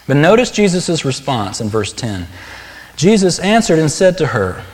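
A man's voice: a little high, very animated, normal speed. A man preaching a sermon, talking in an earnest, conversational way and stressing key words emphatically. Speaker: pastor. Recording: long hall reverb.

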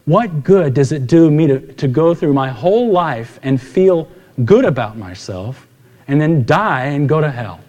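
A man's voice: a little high, animated, measured pace, a little mellow, lo-fi sound. A man preaching a sermon as pastor, conversational and storytelling, acting out the dialogue of the people in his anecdotes. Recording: long hall reverb.

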